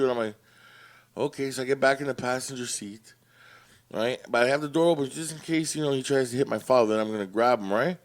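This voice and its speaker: A man's voice: medium pitch, fast. A young man hosting a podcast, telling stories casually with lots of swearing and acting out what people said. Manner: profane, animated storyteller acting out quotes. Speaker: podcast host. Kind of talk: casual storytelling.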